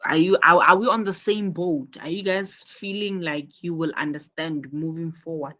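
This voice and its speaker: A woman's voice: low-pitched, normal speed, fairly bright tone. A woman teaching a live online English class over a video call, explaining patiently and working through repeated examples.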